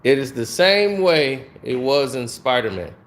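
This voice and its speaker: A man talks through a film in a relaxed, conversational review, taking his time with each thought. His pitch rises and falls in a lively way as he makes his points. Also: slight background noise. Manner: animated, conversational, drawn-out delivery. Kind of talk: casual spoiler review.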